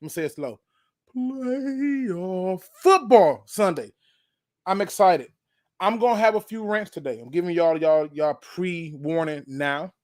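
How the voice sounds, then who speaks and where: A man hosting a live sports fan show, emphatic and hyped, repeating himself for effect and giving loose slangy shout-outs to viewers. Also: a little high, moderate pace. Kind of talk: live-stream football talk.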